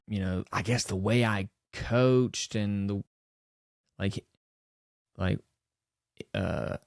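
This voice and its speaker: A man's voice: fairly low pitch, dark tone, clear, resonant tone, dry recording, studio quality. A man, a personal trainer and former wrestling coach, telling a personal story in a loose, reflective way with many fillers and restarts. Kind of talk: casual storytelling monologue.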